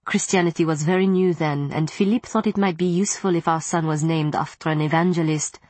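A woman voicing a proud ancient female vampire matriarch, speaking slowly and formally. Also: low-pitched, fairly even intonation, darkish tone, dry recording. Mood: stately.

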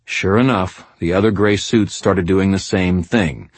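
A man narrating a first-person fantasy audiobook in a wry, measured way. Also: deep voice, breathy edge, dry recording.

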